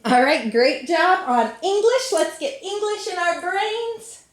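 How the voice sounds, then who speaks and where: A woman's voice: very high-pitched, expressive, takes it slowly, reverberant. A young woman teaching her children, speaking and then singing short memory lines in an encouraging, sing-song way. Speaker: homeschool teacher and mother. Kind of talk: children's lesson with sung memory work.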